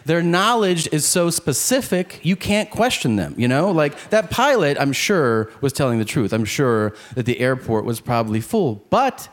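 A man's voice: on the high side, very animated, normal speed, hardly any pauses. A man doing a stand-up comedy set on stage, acting out the voices of the people in his jokes. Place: comedy club stage before a live audience. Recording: live club recording with crowd noise. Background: audience laughter and crowd noise.

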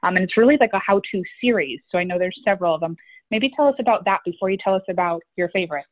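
A woman's voice: fairly low pitch, rapid-fire, no room sound. A woman hosting a podcast, asking a guest a rambling, self-correcting question. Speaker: podcast host. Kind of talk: interview question. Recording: tinny phone-like line.

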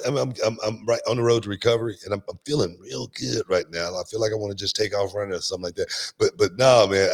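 A man hosting a podcast in casual chat, animated, often repeating words and stretching them out. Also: sits low. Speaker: podcast host.

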